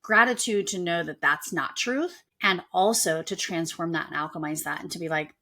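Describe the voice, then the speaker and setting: Chatty woman podcast host. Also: moderate pace. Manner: chatty, animated, acts out quoted voices in a high tone. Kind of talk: casual conversational interview. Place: at home, with children and a dog nearby.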